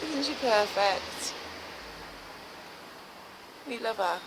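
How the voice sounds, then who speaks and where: A woman's voice: mid-range voice, animated, unhurried, pauses often, background noise. A woman filming herself in her garden in winter, chatting casually to the camera and coaxing her cat in a cooing, sing-song voice. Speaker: vlogger. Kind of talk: casual vlog chat to camera. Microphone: handheld camera filming herself.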